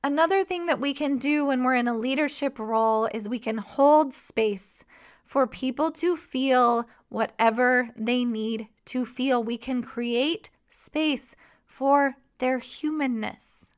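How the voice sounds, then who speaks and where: A woman hosting a podcast, talking in a warm, encouraging coaching tone. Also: high voice, takes it slowly, clean tone. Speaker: podcast host and mission coach. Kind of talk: podcast monologue.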